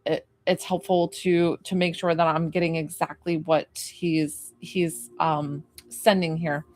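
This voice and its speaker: A woman working as a psychic medium, giving a live reading to a client. She talks in a rambling, tentative way, full of "like" and questions, and turns gently reassuring when she passes on comfort. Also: deep voice, level tone, a little slow.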